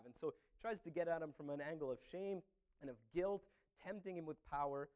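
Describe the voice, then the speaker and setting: Male pastor giving a casual, conversational sermon; a fairly high voice. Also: brisk, darkish tone. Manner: conversational, with frequent "you know" and "uh".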